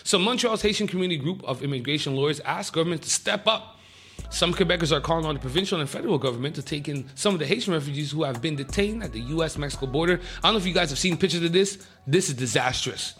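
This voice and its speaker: A man hosting a radio show, reading the news in a casual, excitable way with jokey asides. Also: on the high side, fast talker, soft background music.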